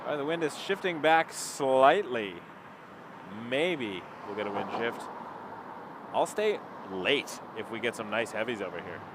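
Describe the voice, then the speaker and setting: A man's voice: medium pitch, expressive, measured pace. A man with a Toronto Canadian accent, rambling casually to live stream viewers from beside a runway on a cold night. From Toronto area, Canada. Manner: rambling, chatty, reads out viewer comments. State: cold, marching to keep warm. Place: outdoors by an airport runway at night. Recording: outdoor traffic noise.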